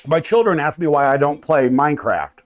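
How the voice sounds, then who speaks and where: American man, 30s, streamer; slightly high, rambling, friendly greetings, stumbles and restarts. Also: lively intonation, brisk. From United States. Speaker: livestream host. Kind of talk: casual live chat with viewers. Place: home workshop with a 3D printer.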